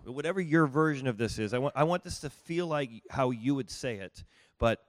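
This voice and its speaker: A man's voice: mid-range voice, lively intonation, fairly quick, no echo. A man leading a live group workshop, talking conversationally and often repeating and restarting his phrases, with a dry, close sound. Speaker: workshop leader. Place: room with small groups at tables.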